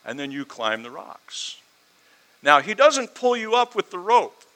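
A man's voice: high voice, very animated, measured pace, sharp tone. A man preaching a storytelling sermon, building his points through emphatic repetition.

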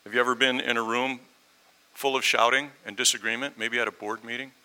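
A man's voice: medium pitch, fairly even intonation, brisk, bright, forceful tone, rough recording. A man preaching a sermon, telling a story and acting out the voices in it. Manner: storytelling, acts out quoted voices.

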